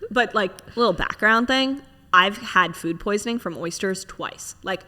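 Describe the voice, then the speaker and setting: A woman's voice: medium pitch, a little slow, pushed and bright. A young adult woman, a podcast guest, chatting and telling a story animatedly, laughing often. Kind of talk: casual chat, storytelling. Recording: long reverb.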